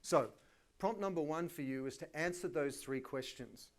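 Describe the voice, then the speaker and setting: An Australian man in middle age delivers a conference keynote with a slightly high-pitched voice. He talks in an energetic, colloquial way and pokes fun at himself as he goes. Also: normal speed. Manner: energetic, colloquial, self-deprecating. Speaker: keynote speaker. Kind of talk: live conference talk.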